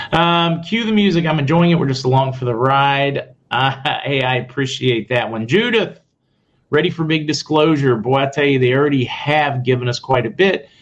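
A man hosting a casual live stream, reading posts aloud fast and adding sarcastic asides to his viewers. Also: medium pitch. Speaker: host. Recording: muffled audio with faint noise.

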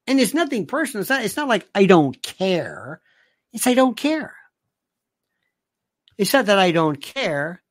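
Sarcastic male commentary host. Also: high-pitched. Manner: sarcastic, exasperated, with rhetorical questions and restarts. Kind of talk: casual political rant.

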